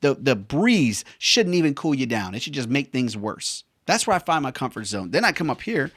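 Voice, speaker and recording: A man's voice: mid-range voice, sing-song, moderate pace, fairly bright tone, no room sound, studio quality. A man, a veteran and former helicopter pilot, rambling casually with slangy jokes. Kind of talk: casual monologue.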